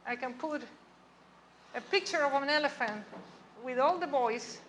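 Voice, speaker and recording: Lady lecturer chatting through a class, slightly high voice, faint noise behind. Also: measured pace, a bit bright. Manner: conversational, checks understanding with frequent "okay?" and "right?". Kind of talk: academic lecture. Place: lecture room.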